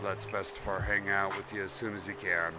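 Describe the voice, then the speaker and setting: A man chatting casually on a live game stream, warm toward his viewers and sometimes talking about himself in the third person. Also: sits low, little pitch movement, a little fast. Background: background music.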